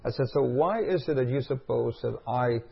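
A man's voice: mid-range voice, normal speed, creaky, slightly rough. A middle-aged male preacher giving a sermon, telling a story and asking the congregation call-and-response questions. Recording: dull lo-fi recording.

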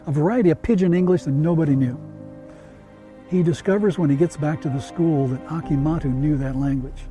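Mellow high-voiced man telling a story. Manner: animated, building suspense with emphatic repetition. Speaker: radio show host. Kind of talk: storytelling in casual chat.

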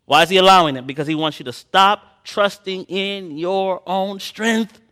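Bright-voiced impassioned male preacher. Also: high-pitched, moderate pace. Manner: swings from quiet storytelling to loud impassioned preaching; reads scripture in old-fashioned phrasing. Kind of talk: sermon.

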